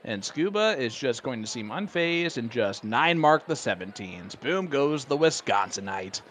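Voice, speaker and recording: Chatty, excitable male darts commentator. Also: medium pitch, a little slow, a little hiss or hum. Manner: enthusiastic, chatty, joking. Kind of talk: live sports commentary.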